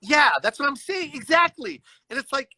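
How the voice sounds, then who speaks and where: A man with a high, bright, forceful voice tells a story over a video call, animated and acting out each person in it. The sound is dry and close. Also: moderate pace, no room sound, low-quality recording. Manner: frequent "you know what I mean" asides. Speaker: guest storyteller. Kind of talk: casual storytelling on a livestream.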